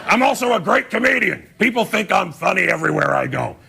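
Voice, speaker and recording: A man voicing a gruff, hot-tempered old male politician with a gravelly, cranky, threatening way of talking. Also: sits high, fast, some chatter behind, exaggerated voice. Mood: grumpy. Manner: cranky, threatening, deadpan self-mocking. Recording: noisy studio with loud audience laughter.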